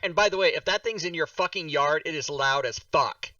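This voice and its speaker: A man hosting a casual chat, telling a childhood story in an animated, swearing way. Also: on the high side, a little fast, no echo. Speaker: host. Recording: distant, dull-sounding mic.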